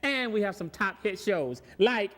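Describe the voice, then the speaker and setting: A man's voice: sits high, expressive, a little slow, a bit bright, big-room sound. A man co-hosting an announcement of upcoming network shows, upbeat and stammering a little. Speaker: TV network co-host. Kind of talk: promotional show announcement.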